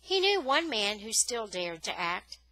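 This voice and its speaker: Bright-voiced woman reading a novel aloud. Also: mid-range voice, unhurried, no room sound, rough recording. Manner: expressive storytelling, rising on dramatic words. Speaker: audiobook reader.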